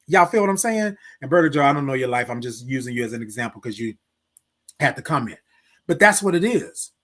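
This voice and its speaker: This live morning show host, an adult military veteran, delivers preachy motivational talk straight to his viewers, driving home his main points through repetition. His voice is on the high side and a bit bright.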